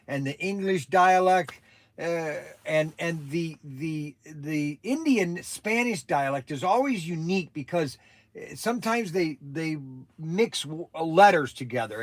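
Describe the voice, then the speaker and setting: A man's voice: on the high side, no room sound. A man hosting a casual livestream, talking in a chatty, rambling way with many restarts. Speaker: livestream host.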